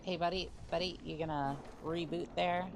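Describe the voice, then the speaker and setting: A woman streamer chatting to her viewers in a jokey, relaxed way as she plays through a game. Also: on the low side, normal speed, music in the background. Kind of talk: casual gameplay commentary.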